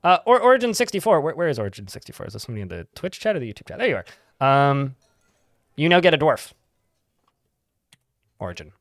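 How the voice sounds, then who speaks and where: A man's voice: on the high side, very animated, quick pace, pauses often, no echo, clean studio sound. A man casually chatting to his live-stream chat while playing a game, rambling and laughing easily.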